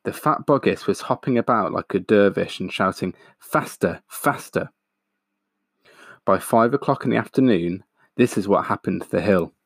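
A man reading a picture book aloud in a steady, expressive way, pointing out the pictures. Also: fairly low pitch, brisk, dry recording, clean studio sound. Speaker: storyteller.

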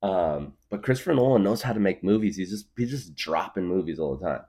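A man's voice: sits low, expressive, a little fast, a little mellow. A man in his thirties hosting a podcast, rambling through a comedic monologue with lots of fillers. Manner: rambling, full of fillers, laughs at his own jokes. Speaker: podcast host.

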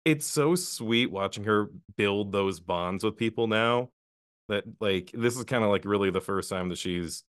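A man chatting casually as a podcast co-host, telling stories in a relaxed way with many fillers. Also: lowish voice, measured pace, smooth, no echo, clean studio sound. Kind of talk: casual chat.

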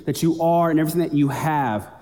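A man gives a sermon in a relaxed, conversational preaching voice that builds with energy. His voice is mellow and sits a little high. The sound carries a long reverb from a big hall. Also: quick pace. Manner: conversational preaching, builds in pitch toward the end. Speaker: pastor.

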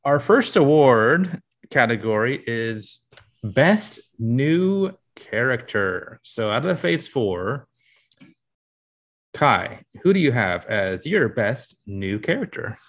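A man co-hosting a podcast in a relaxed, enthusiastic chatty way. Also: medium pitch, slow. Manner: enthusiastic, laid-back, many fillers. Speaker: podcast co-host. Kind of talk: casual chat.

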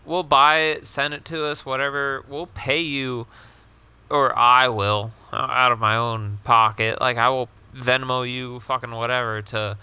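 A man's voice: medium pitch, flat delivery, a little slow, pushed and bright, smooth, no room sound. A young man co-hosting a casual podcast chat, rambling with lots of fillers and casual swearing. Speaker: podcast co-host.

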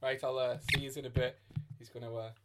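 Blunt, quick-talking man. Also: mid-range voice, little pitch movement, heavy background noise. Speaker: host. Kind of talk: casual family chat.

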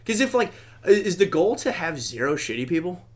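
A man's voice: high-pitched, big pitch swings, a little fast. Rambling, profane podcast host man. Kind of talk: casual chat.

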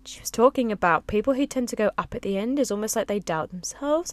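A woman hosting a reflective solo podcast, speaking softly and close to the microphone, her voice low, resonant and a little raspy. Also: lively intonation, fast, no room sound. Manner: soft-spoken, close to the mic. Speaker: podcast host. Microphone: close-up studio mic with pop filter.

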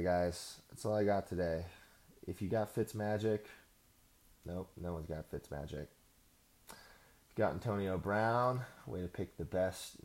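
A man's voice: very deep voice, creaky, a little mellow. A man hosting a podcast, ranting casually in a profane, sarcastic, rambling way. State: out of breath. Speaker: podcast host.

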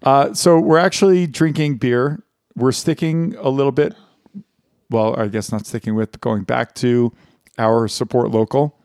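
A man's voice: medium pitch, fairly even intonation, unhurried, a little mellow, clear, resonant tone, no echo, clean studio sound. A man co-hosting a casual podcast, chatting with friends, laughing often and rambling through restarts while reading reviews aloud. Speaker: podcast co-host.

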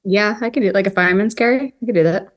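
A woman's voice: mid-range voice, quick pace. A woman who is a musician guest on a podcast, answering in casual chat in a matter-of-fact way with many "like" fillers.

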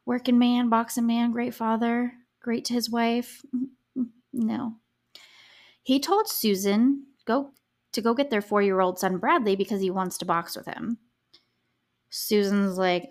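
A woman's voice: on the high side, fairly even intonation, measured pace, a little mellow. Chatty sarcastic young woman podcaster. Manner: chatty, sarcastic, frequent "like" filler, swears freely. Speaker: podcast host. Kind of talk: casual true crime storytelling.

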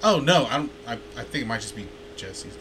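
A man's voice: medium pitch, sing-song, fairly quick, fairly bright tone, a little hiss or hum. A man co-hosting a podcast in casual chat, teasing dryly. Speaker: podcast co-host.

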